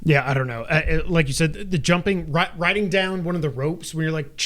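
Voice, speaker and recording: A man's voice: fairly high pitch, brisk, fairly bright tone. A man in his thirties co-hosting a gaming podcast, telling stories casually and jumping into exclaimed quotes. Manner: storytelling, jumps into exclaimed quotes. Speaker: podcast co-host. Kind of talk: casual chat.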